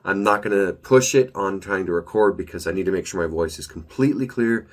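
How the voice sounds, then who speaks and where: A man's voice: low voice, a little fast. A man talking casually through his weekly author update, rambling and upbeat with frequent self-corrections, his voice a little nasal as he gets over a cold and allergies. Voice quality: slightly nasal.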